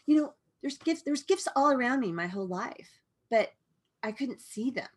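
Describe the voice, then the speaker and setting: Middle-aged woman guest on a podcast, chatty and expressive, laughs a lot, acts out her own thoughts, sounds like a video call. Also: a little high, normal speed, husky. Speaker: guest, painter in recovery. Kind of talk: casual podcast interview.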